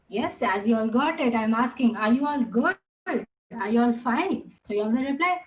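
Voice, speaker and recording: High-voiced woman teaching Mandarin. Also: animated, rough recording. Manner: patient, repeats drill words slowly. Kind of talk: online class instruction.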